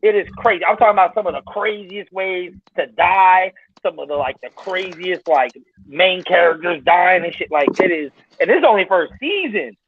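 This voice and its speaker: A man's voice: sits high, animated, normal speed, slightly rough. A man chatting casually as a podcast guest, blunt and emphatic, with frequent cursing. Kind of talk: casual chat. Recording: tinny phone-like line, very dry.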